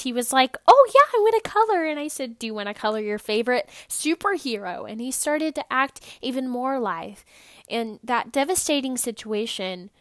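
A woman's voice: a little high, no echo, studio quality. Bubbly young woman podcast host. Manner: animated storytelling, bubbly and earnest. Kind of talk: upbeat motivational podcast talk.

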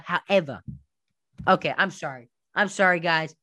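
A man co-hosting a casual sports podcast, animated and heavy on statistics. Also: high-pitched, fairly quick, no echo. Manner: stat-heavy, animated, jokingly does an impression. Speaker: podcast co-host.

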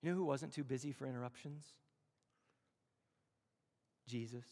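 Give me a man preaching in a reverberant hall, with a gravelly voice and a conversational, storytelling style. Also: on the high side. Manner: storytelling, conversational, with slow emphatic phrases. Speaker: campus chapel speaker. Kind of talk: sermon.

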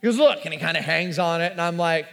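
Animated man telling a story in a hall. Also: a little high, fast, vocal fry. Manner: animated, self-mocking storyteller. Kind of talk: sermon storytelling. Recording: long hall reverb.

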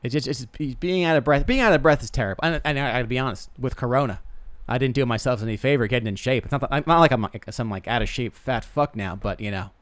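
A man's voice: medium pitch, fast, hardly any pauses, a bit bright, no room sound. Rambling self-deprecating young man. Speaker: podcast host. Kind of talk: casual comedic monologue.

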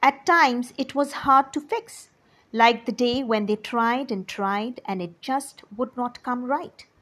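A woman reading a true story aloud to children, in an expressive storytelling manner and speaking directly to her young listeners. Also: fairly high pitch, takes it slowly.

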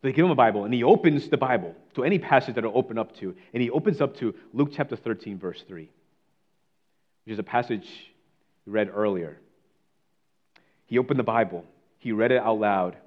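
A man gives a sermon, reading from scripture and narrating a story as he shifts between bold proclamation and quiet, near-whispered passages. His voice is mid-range and fairly quick, with long pauses, and the audio sounds dull.

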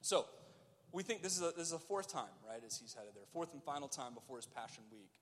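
A man's voice: fairly high pitch, lively intonation, quick pace, a bit bright, in a large hall. A man preaching a sermon as pastor, earnest and urgent, putting questions to his congregation.

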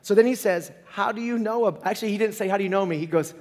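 A man's voice: sits high, quick pace, a little mellow, in a large hall. A man preaching a sermon as pastor, conversational and joking as he retells the story.

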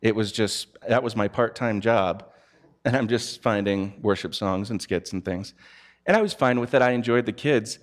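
A man's voice: on the low side, moderate pace. A man giving a conversational sermon, telling personal stories candidly. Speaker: preacher.

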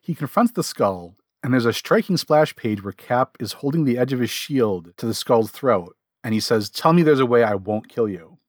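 Quick, self-interrupting podcast man. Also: medium pitch, expressive, no echo, studio quality. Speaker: podcast co-host. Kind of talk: casual chat about comics.

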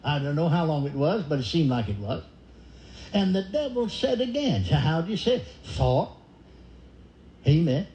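A man's voice: on the high side, very animated, moderate pace, long pauses, warm tone, a little hiss or hum. An older man preaching a sermon, telling a story and acting out the voices in it. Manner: acts out forced laughter and quoted dialogue. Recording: echoey dull room recording.

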